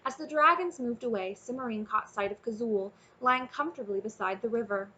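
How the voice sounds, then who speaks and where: Bright-voiced woman reading a storybook. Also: fairly high pitch, fairly quick, dull audio. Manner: warm, expressive storytelling, casually addressing listeners. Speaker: audiobook narrator. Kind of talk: reading a children's fantasy novel aloud.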